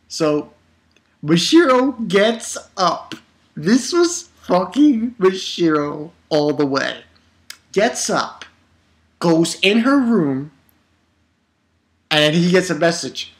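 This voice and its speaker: A man talks through an anime episode in a loose, excitable recap, swearing now and then. His voice sits a little high and has a bright, forceful edge. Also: slow, long pauses. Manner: excitable, animated retelling with swearing. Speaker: anime reviewer.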